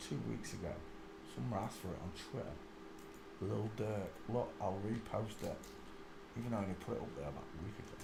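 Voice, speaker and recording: In an echoey room with faint ambient noise, a channel host with a fairly low voice and vocal fry rambles casually to himself while searching images on screen. His muttering is broken by sudden, loud fits of laughter.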